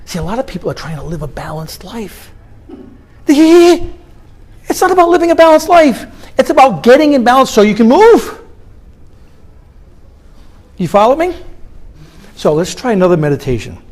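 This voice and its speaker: Lively man leading a seminar. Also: extremely high pitch, normal speed, pauses often. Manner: animated, engages audience with questions. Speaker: motivational speaker. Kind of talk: live seminar talk with guided meditation. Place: conference hall.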